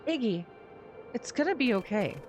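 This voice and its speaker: A woman streamer reading the lines of an earnest, kind-hearted boy from a story game, gentle and sincere. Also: fairly high pitch, very animated, normal speed, soft background music. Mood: pleading.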